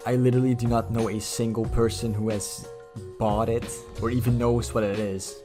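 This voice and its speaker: A man's voice: mid-range voice, little pitch movement, moderate pace, music in the background. A man hosting a reaction video, answering a clip with blunt, sarcastic, profane rebuttals. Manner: sarcastic, blunt, swears freely.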